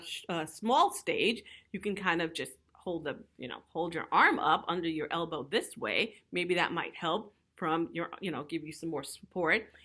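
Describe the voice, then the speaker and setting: A middle-aged woman teaches puppetry basics in a relaxed video lesson. Her talk is chatty and friendly. She keeps checking in with her listeners and slips in light laughs as she goes. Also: fairly low pitch. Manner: chatty, checks in with frequent "okay?"; laughs lightly while explaining.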